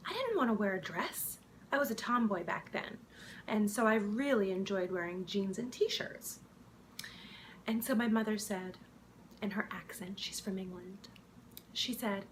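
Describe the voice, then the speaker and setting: In an improv comedy mockumentary, a woman recounts how she became an actress, sounding wistful and dramatic and dropping into soft, hushed asides. Her mid-range voice is expressive and unhurried, with a faint hiss or hum in the background.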